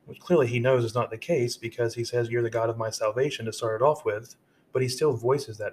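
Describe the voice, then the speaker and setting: Mid-range, steady and fast, this man's voice hosts a devotional podcast. He reads Bible verses out loud and then explains them in casual speech, restarting himself frequently.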